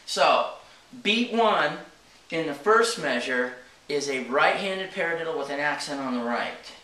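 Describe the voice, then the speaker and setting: A man's voice: a little high, animated, unhurried, sharp tone, far from the mic. A man teaching drums, explaining each step plainly and checking in with a frequent "okay?". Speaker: drum teacher. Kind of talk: casual instructional talk. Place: drum studio. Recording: echoey room from off-mic.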